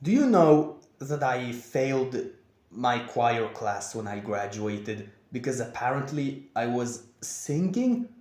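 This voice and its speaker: A young man talking in a confessional vlog, with a monotone, over-enunciated delivery. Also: medium pitch, slow. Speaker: vlogger. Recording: echoey room.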